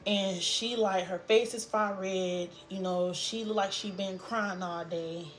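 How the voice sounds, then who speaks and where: A young woman telling a painful personal story in a vlog, halting and trailing off as she fights tears. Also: mid-range voice, steady tone. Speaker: vlogger.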